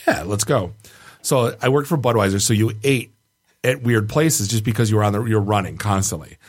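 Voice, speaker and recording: A man's voice: fairly low pitch, brisk. Man telling a story, chuckling. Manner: animated storyteller, chuckles through his own tale. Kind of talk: casual storytelling chat.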